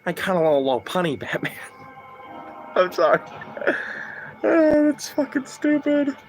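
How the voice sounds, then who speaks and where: A man's voice: high voice, big pitch swings, a little slow, pauses often, a little hiss or hum. A man chatting casually on a livestream, rambling and swearing, full of fillers and laughing asides.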